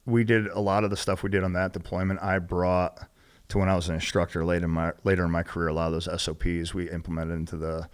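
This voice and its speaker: Deep-voiced man telling profane war stories. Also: quick pace, clean tone. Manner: profane, animated, acts out quoted dialogue. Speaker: podcast guest, military veteran. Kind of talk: casual storytelling.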